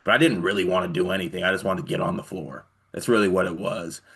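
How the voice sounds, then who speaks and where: A man with a fairly low voice, co-hosting a casual sports show. He talks in a laid-back way and often tells stories. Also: fast, vocal fry, a bit bright, husky. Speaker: co-host, former college player.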